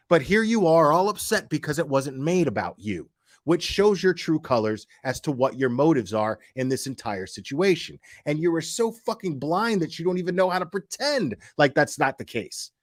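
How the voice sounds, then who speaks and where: A man's voice: a little high, animated, moderate pace, no room sound, clean studio sound. A man hosting casual commentary, blunt, sarcastic and profane. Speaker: commentary host.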